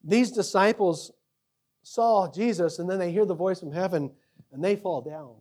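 A male pastor preaching a sermon, acting out quoted voices and swinging between loud emphasis and quiet asides. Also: high-pitched, moderate pace, slightly rough.

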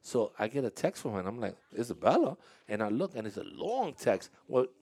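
Lively, chatty male interview host. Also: mid-range voice, brisk, husky. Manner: chatty, animated storyteller who laughs and restarts often. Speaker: host interviewing young dancers. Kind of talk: casual interview chat.

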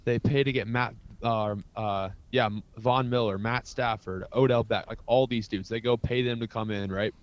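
A man's voice: medium pitch, fairly even intonation, moderate pace, few pauses, dry recording. A man co-hosts a casual sports podcast, rambling eagerly through stories. His sound comes through a bit dull and lo-fi. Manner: enthusiastic, rambling storyteller. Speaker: podcast co-host.

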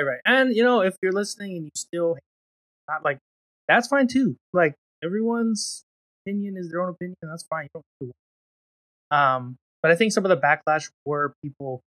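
A man's voice: on the high side, fairly bright tone, rough recording. A man co-hosting a casual podcast chat about a comedy show, retelling sketches with playful voices and laughter. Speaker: podcast co-host.

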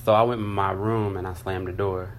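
A man's voice: sits low, little pitch movement, a little fast, slight background noise. A man co-hosting a podcast, teasing his co-host and telling stories in casual chat. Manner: teasing, storytelling.

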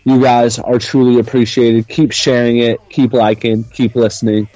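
A man hosting a wrestling podcast in casual chat, giving upbeat shout-outs and show updates. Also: medium pitch, flat delivery, normal speed, dry recording, faint music behind. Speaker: podcast host. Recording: dry, slightly dull sound.

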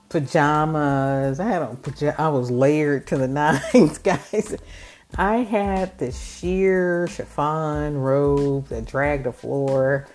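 Low-voiced woman telling a gushing story. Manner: gushing, animated retelling with laughs. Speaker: podcast host. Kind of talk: personal storytelling.

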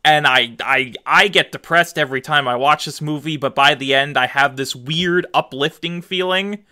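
A man's voice: on the high side, normal speed, sharp tone. A man co-hosting a casual podcast, talking emphatically, gushing and swearing freely. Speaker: podcast co-host.

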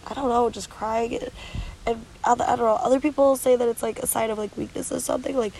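A woman's voice: a little high, steady tone, quick pace, creaky, darkish tone, slight background noise, poor audio. A woman vlogging candidly outdoors at the beach, worn out from no sleep and tearful with a stuffy nose, talking in a weary, rambling, blunt way with swearing. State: exhausted and sleep-deprived. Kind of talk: candid confessional vlog.

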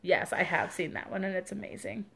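A young woman with a Midwestern accent chats casually on a podcast. Her voice sits on the lower side. She talks with easy enthusiasm and lots of fillers. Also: brisk, gravelly, fairly bright tone. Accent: Midwestern American. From American Midwest. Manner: chatty, enthusiastic, many fillers. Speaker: podcast co-host. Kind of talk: casual chat.

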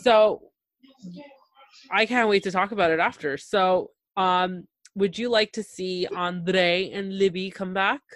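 Woman, podcast host, casual TV recap, gushing and animated, dry close sound. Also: mid-range voice, slow, no room sound. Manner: animated, gushing, acts out quotes.

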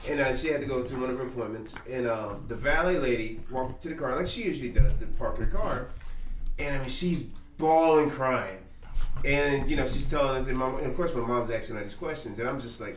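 A man co-hosting a podcast, telling a work story in relaxed chat. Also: medium pitch, fairly quick, distant mic, a little hiss or hum. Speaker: podcast co-host. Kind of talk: casual chat. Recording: echoey room from off-mic.

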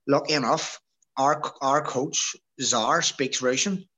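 A man's voice: medium pitch, a little slow, sharp tone, rough recording. Young irish guy spinning a story, cursing a lot, voicing everyone in it. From Ireland. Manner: swears freely, acts out quotes of others. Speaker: guest, former amateur boxer. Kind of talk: casual storytelling.

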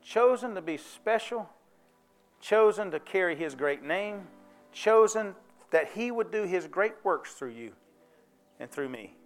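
High male voice, down-home church preacher, faint music bed. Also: expressive, measured pace. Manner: folksy, conversational preaching with call-and-response questions. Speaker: pastor. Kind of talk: sermon.

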